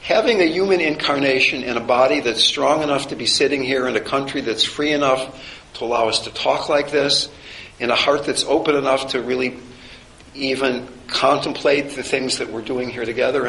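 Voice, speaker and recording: Brisk and sharp-toned with a mid-range voice, a chaplaincy course teacher lectures informally, mixing reflection and wry humor in a conversational style. The room sounds spacious, with a little background noise.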